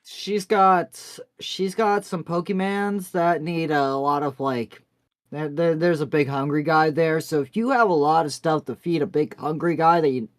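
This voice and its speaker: Brief: male tabletop player, loose and jokey, slightly high, dry close sound. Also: unhurried, no room sound. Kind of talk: tabletop game play.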